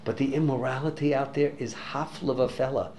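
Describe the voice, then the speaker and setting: A man telling a story in a religious talk to an audience, animated and sprinkling in Hebrew and Yiddish words. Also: medium pitch, fairly quick, slight background noise. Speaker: religious teacher.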